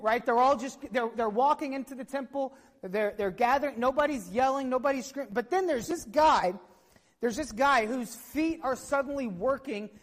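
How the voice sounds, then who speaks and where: Woman preaching a lively sermon. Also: sits high, long reverb tail. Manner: animated storytelling, asks the congregation questions.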